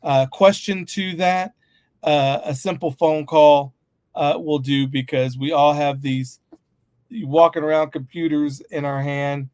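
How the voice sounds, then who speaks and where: A man's voice: on the high side, fairly even intonation, a little slow, darkish tone, dry recording. Emphatic man riffing on a podcast. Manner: emphatic, riffing with humorous asides. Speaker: podcast co-host. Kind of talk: casual podcast chat.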